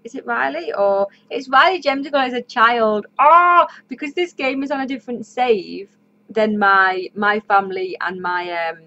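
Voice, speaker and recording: A woman's voice: on the high side, normal speed, bright, forceful tone. Chatty woman narrating her gameplay. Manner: chatty, talks to the game characters. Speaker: let's play host. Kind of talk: casual gameplay commentary. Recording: slightly dull lo-fi audio.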